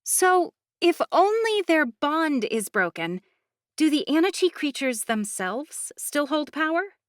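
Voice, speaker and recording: Lady doing a high excited curious girl, quick questions, storybook, dry. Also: no room sound, exaggerated voice. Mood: eager. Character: eager curious young woman.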